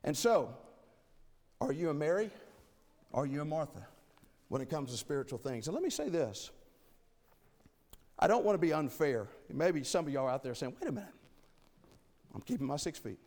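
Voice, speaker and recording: Male preacher, sermon, emphatic, animated pitch, long hall reverb. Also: normal speed, pauses often. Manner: emphatic, rhetorical questions, swings between loud and soft.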